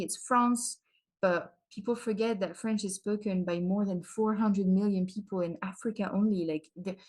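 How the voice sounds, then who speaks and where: A woman's voice: mid-range voice, darkish tone. A young woman hosting a language-learning vlog, talking casually and opinionatedly to camera and often checking in with "right?" and "you know". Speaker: language-learning video host.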